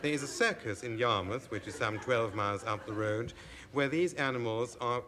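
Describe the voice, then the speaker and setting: A man on a radio panel game telling absurd stories in a dry, deadpan way. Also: mid-range voice, moderate pace. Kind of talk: comic panel game banter. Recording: hissy old radio recording.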